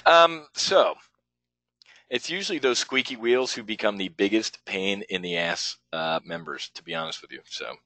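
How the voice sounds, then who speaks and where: A man with a fairly low, forceful voice teaches options trading in a live webinar, thinking aloud as he goes. His manner is blunt, rambling and sometimes profane. The sound is dry and close. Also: lively intonation, normal speed, no echo, poor audio.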